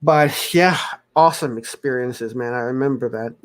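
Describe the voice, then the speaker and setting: A man's voice: medium pitch, moderate pace. A man in his forties from South Africa, hosting a casual livestream chat and telling rambling stories with frequent restarts. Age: 40s. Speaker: livestream host.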